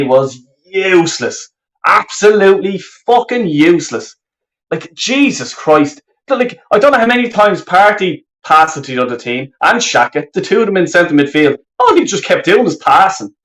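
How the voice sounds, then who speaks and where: A man's voice: on the high side, a bit bright, rough recording. A man hosting a live football fan stream, furious and swearing heavily as he rambles through his complaints. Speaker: fan channel host. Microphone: webcam.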